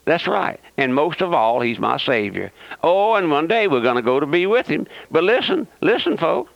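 A man with a fairly high, gravelly voice preaches a radio sermon at a moderate pace, very animated, fervent and folksy. He repeats himself and fires sarcastic rhetorical questions at listeners, on a dry, muffled lo-fi radio recording.

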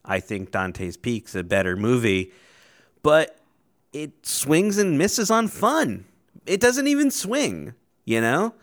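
A man's voice: fairly high pitch, wildly swooping pitch, slow pace. A man co-hosting a casual podcast who gives short, dry verdicts and then explains at length with fillers. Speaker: podcast co-host.

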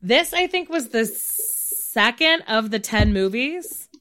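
A woman's voice: a little high, animated, slow pace, bright, forceful tone. Chatty woman podcast co-host. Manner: chatty, giggly, lots of "like". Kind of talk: casual movie recap chat.

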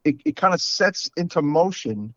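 A man's voice: fairly high pitch, lively intonation, moderate pace, bright, forceful tone, dry recording, dull audio. A man with a New York accent, co-hosting a podcast in a frank, casual chat full of fillers. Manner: chatty, frank, with many fillers. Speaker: podcast co-host.

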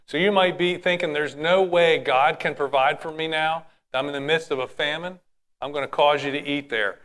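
Male preacher, slightly higher voice, plain explanatory Bible teaching. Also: steady tone, moderate pace, a bit bright. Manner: reads scripture then explains it in plain words.

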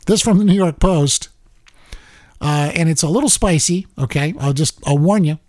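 A man hosting a political talk show, giving commentary in an animated, repetitive way. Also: fairly high pitch, normal speed, no echo. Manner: animated, repeats words and restarts.

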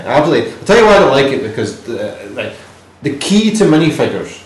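A man co-hosting a podcast in casual chat, rambling, joking and swearing. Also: mid-range voice. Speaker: podcast co-host. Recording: roomy room with faint noise.

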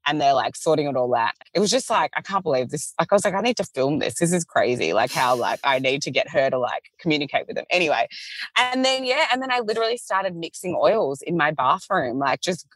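A woman's voice: deep voice, a little fast, dry recording. A woman in her thirties telling a story as a guest, acting out quotes with a laugh. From Australia. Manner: animated storyteller, acts out quotes, laughs often. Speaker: small business founder, podcast guest. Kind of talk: casual chat.

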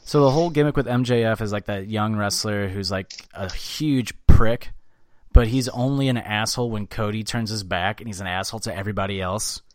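A man's voice: brisk, no room sound, clean studio sound. A man co-hosting a podcast in casual chat, a profane storyteller who quotes people in mocking voices. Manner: profane storyteller, jumps into high mocking voices when quoting. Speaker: podcast co-host.

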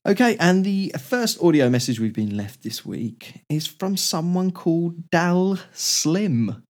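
A man hosting a comedy podcast, chatty and quick to laugh. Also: a little high, sing-song. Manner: laughs a lot, chatty, loose. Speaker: podcast host. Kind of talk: casual comedy chat.

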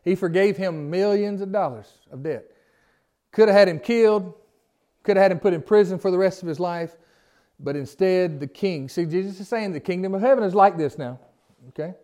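A man's voice: high-pitched, normal speed, warm tone. A man teaching a Bible study in a conversational way, reading scripture aloud and then putting questions to his group in informal, folksy phrasing.

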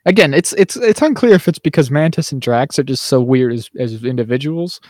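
A man co-hosting a podcast, chatting casually at a middling pitch. He laughs often and hops up into a higher voice whenever he quotes characters. The sound is dry and close to the mic. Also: expressive, brisk, darkish tone, dry recording. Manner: laughs often, acts out quoted lines in a raised voice. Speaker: podcast co-host. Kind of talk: casual chat.

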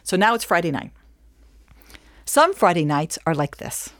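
A woman Jewish educator giving a lively lesson, acting out scenes as she tells stories. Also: fairly low pitch, a little slow, no room sound, clean studio sound. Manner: animated storyteller acting out scenes. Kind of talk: lively teaching talk.

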